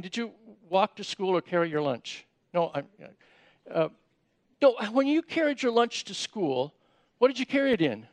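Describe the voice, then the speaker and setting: A man's voice: extremely high pitch, dry recording. A man giving a sermon in a conversational way, often repeating words as he starts sentences and asking the audience questions. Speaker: preacher.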